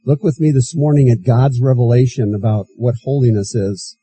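Male pastor, sermon, very dark mellow tone, husky, repeats key phrases. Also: medium pitch, steady tone, moderate pace, poor audio. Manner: preaching with scripture readings, repeats key phrases.

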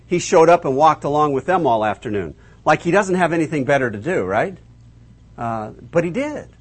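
A man preaching a lively storytelling sermon, asking his listeners questions and acting out the voices of the people in the story. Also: a little high, husky. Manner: acts out voices of biblical figures, asks the audience questions.

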